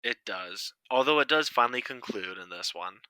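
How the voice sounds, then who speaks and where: Dude cohosting a podcast, chill, agrees a lot, really bright voice, dry sound. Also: male voice, mid-range voice, normal speed, no room sound. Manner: relaxed, agreeable, brief replies. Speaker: podcast co-host. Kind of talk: casual chat.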